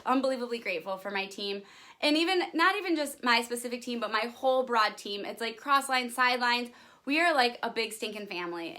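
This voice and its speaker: Gushing young woman, bright tense voice. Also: on the high side. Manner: gushing, excitable, says "you guys" and "like" a lot. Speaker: direct sales promoter. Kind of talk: upbeat direct-to-camera vlog pitch.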